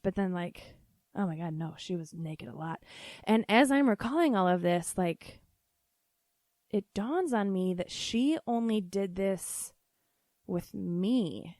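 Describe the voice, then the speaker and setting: A woman podcast host telling a funny family story in a casual, animated way, laughing often and swearing freely. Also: mid-range voice, moderate pace, no room sound, clean studio sound.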